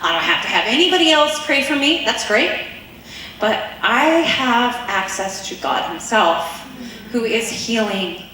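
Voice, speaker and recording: Woman, personal testimony, lively storytelling, acts out voices, laughs often, bright tone, very echoey room. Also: a little high, measured pace, recorded from a distance, slight background noise. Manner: laughs often while telling her story.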